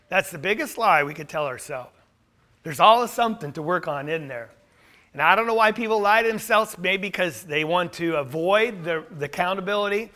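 High bright guy preaching, emphatic, keeps restarting phrases. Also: expressive, brisk. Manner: emphatic, rising to forceful peaks. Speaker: pastor. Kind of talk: sermon.

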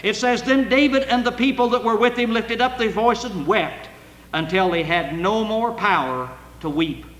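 An older man preaching a sermon with earnest emotion, at times rising to loud cries as he reads scripture. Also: sits high, normal speed. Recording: echoey hall with long reverb.

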